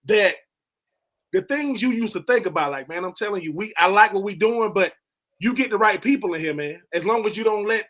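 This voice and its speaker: A sports radio co-host, a man with a high-pitched voice. He talks in a loose, slangy, earnest way, as if he is speaking straight to a friend. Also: fairly quick, a bit bright. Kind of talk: casual sports radio chat.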